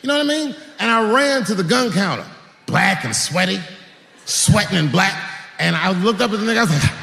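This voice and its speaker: A man working a stand-up set, his pitch swinging wildly as he acts out stories with profane asides and shouted sound effects. His voice sits a bit high for a man and rings through a large hall with a long reverb tail and faint background noise. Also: brisk, vocal fry. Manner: profane, animated, full of acted-out sound effects. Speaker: stand-up comedian. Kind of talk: stand-up comedy storytelling.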